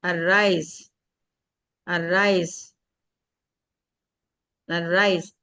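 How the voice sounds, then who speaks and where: A woman with an Indian English accent teaching English pronunciation, saying each word slowly and repeating it for a student to echo. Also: on the low side, level tone, sharp tone, clear, resonant tone. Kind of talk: pronunciation drill lesson.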